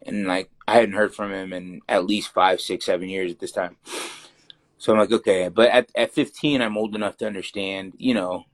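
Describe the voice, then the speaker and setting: A man's voice: deep voice, fairly even intonation, normal speed. A young man talking casually in an interview, rambling with many fillers as he tells his story. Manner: loose, rambling, heavy fillers. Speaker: interview guest, fighter.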